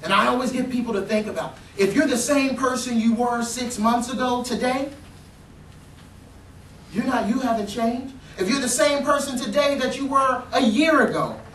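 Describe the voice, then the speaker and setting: A man giving a motivational keynote talk, telling a story and acting out shouted dialogue with lively energy. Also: extremely high pitch, normal speed, a little hiss or hum. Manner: animated, acts out shouted dialogue. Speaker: motivational speaker. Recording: roomy, distant hall recording.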